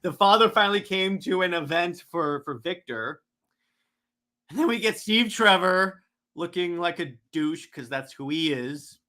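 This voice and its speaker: An excitable man recapping a comic book in a loose, rambling way, full of fillers and restarts. His voice is bright and forceful, sitting a little high. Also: measured pace. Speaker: comic reader.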